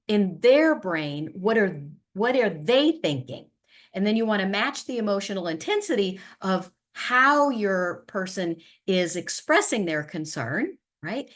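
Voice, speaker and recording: A middle-aged woman leading a webinar for caregivers, explaining patiently and acting out calm, soothing sample replies. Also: mid-range voice. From USA. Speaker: webinar facilitator and family therapist. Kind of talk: educational webinar presentation.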